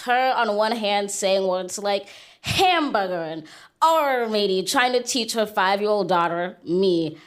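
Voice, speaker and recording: A young woman telling a personal story on a theater stage, with lively, comic, animated delivery. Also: mid-range voice. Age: young adult.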